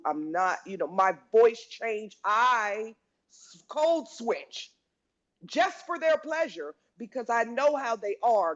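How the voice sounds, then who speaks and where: A woman tells stories in a loose, animated way, stumbling and restarting as she goes. She acts out other people's lines as she talks. The sound is lo-fi, as from an online audio room. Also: mid-range voice. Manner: animated, with many restarts and acted-out quotes. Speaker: guest speaker. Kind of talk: casual storytelling.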